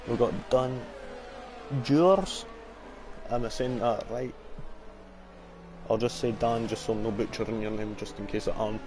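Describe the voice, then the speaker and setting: A man's voice: on the low side, little pitch movement, moderate pace, background noise. A young Scottish man giving casual, swearing live commentary on a sim racing league stream and chatting with viewers. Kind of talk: live esports race commentary.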